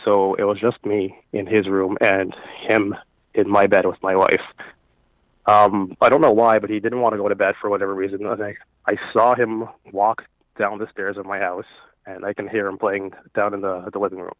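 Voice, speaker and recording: A nervous caller, a man in his thirties from Florida, tells his ghost story haltingly, with many fillers. His voice sits fairly low and comes through a thin, tinny phone line. The sound is dry and close. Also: flat delivery, no echo.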